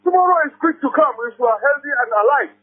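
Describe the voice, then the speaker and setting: A man's voice: very high-pitched, animated, quick pace. A man with a Nigerian accent calling into a radio show, speaking with emotion and many hesitations. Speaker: radio caller. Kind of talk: impassioned phone-in comment. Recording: phone line.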